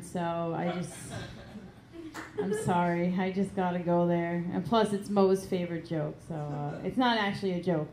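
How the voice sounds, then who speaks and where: A woman's voice: lowish voice, darkish tone, a little hiss or hum. A woman doing stand-up comedy on a club stage, giggling often and hesitating with many ums. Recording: echoey club room with ambience.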